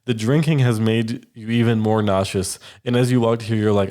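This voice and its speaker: A man's voice: fairly low pitch, steady tone, moderate pace, warm tone. A man narrating a tabletop game as game master, describing scenes casually with many "um"s and "like"s.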